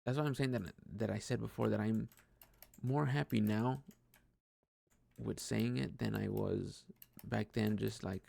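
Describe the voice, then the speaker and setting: A man's voice: fairly low pitch, fairly even intonation, a little slow, vocal fry, dark tone. A young man talking casually and openly to himself, rambling with many restarts and frequent laughs. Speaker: podcast host. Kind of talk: casual personal monologue.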